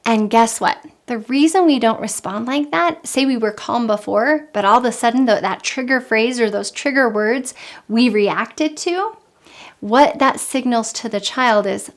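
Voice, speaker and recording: A woman giving calm, earnest parenting advice in an instructional talk, repeating her key points. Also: a little high, moderate pace. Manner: calm, earnest, with frequent repetition. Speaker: parenting coach.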